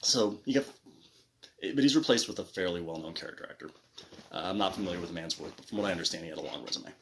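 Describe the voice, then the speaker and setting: A man's voice: low voice, fast talker, fairly bright tone, slight background noise. Rambling man reviewing a film. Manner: rambling, with many restarts and asides. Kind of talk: casual movie review commentary.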